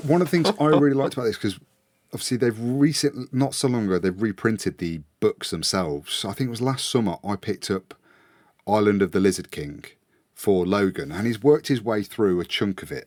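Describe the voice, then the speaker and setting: A man's voice: on the low side, moderate pace, dry recording, studio quality. A British man co-hosting a casual podcast chat, telling stories with acted-out quotes. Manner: animated storytelling with acted-out quotes. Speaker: podcast co-host.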